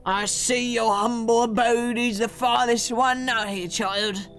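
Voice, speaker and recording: A woman's voice: fairly high pitch, fairly even intonation, a little slow, a bit bright, soft background music. A woman voicing a haughty male priest who speaks in a formal, condescending way, in a video game. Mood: pompous.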